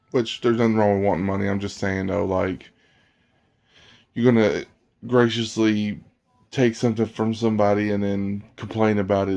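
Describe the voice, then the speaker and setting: A man's voice: lowish voice, creaky, a little mellow. A man vlogging about games in a blunt, rambling casual rant, often restarting his sentences. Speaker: gaming vlogger.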